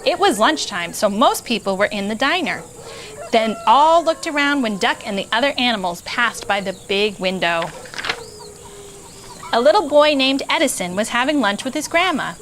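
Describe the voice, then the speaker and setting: A woman hosting a children's story show, reading a picture book aloud in an animated, playful way. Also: a little high, normal speed, slight background noise.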